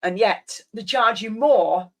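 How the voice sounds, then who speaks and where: A woman's voice: medium pitch, takes it slowly. A woman in her fifties, a live streamer rambling and reminiscing in casual chat with her viewers, often trailing off.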